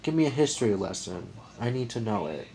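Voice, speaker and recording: A man's voice: on the low side, sing-song, fairly quick, vocal fry, darkish tone. An American man delivering a rambling, repetitive, opinionated monologue to his viewers, often restarting and repeating himself. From United States. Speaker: vlogger. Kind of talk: casual monologue to camera.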